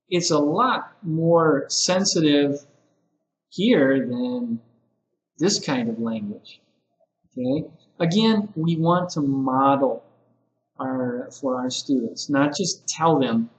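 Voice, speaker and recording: A man giving a relaxed lesson to ESL teachers, talking through example phrases with many fillers. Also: a little high, reverberant, low-quality recording. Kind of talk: casual spoken lesson to camera. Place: classroom with whiteboard.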